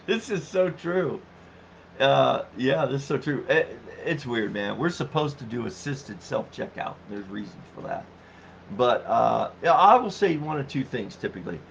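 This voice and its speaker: A middle-aged man hosts a relaxed livestream at mid pitch, his voice gravelly with fry. He chats loosely, laughs often and reads viewer comments out loud. The audio is dull and lo-fi, with a faint hiss behind him. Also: moderate pace. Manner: chatty, laughs easily, reads comments aloud. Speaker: livestream host reading chat. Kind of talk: casual live-stream chat. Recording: dull low-fi stream audio with faint noise.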